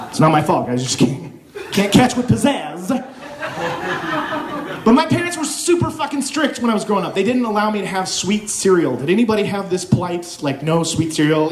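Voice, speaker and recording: A young man from Oklahoma doing an animated stand-up set, dropping in mock accents and silly voices. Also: high-pitched. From Oklahoma, USA. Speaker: stand-up comedian. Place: comedy club stage with live audience. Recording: echoey club room with crowd laughter. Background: audience laughing.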